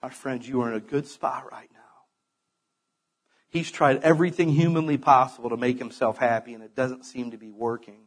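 A man's voice: mid-range voice, steady tone, normal speed, husky. A middle-aged man preaching a sermon in a conversational way, with sudden emphatic bursts.

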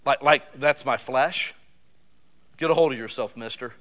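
Middle-aged male pastor, fired-up sermon delivery, bright and forceful tone, swings between loud and soft. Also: mid-range voice, unhurried. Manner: animated, loud bursts with sudden drops to quiet.

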